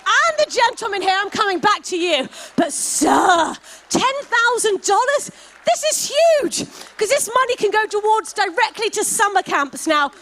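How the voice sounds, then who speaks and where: At a gala event hall, a woman runs a live fundraising paddle raise, calling out donation amounts and showering each donor with effusive praise. Her voice is very high-pitched with a fairly bright tone.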